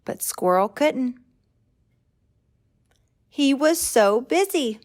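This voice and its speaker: Woman slowly reading a children's story. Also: on the high side, lively intonation. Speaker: children's librarian.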